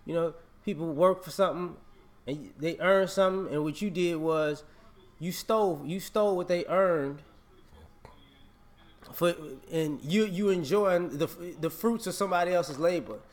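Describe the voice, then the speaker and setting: A man's voice: sits high, normal speed. A man vlogging a casual opinion rant, emphatic and repetitive, scolding and laughing.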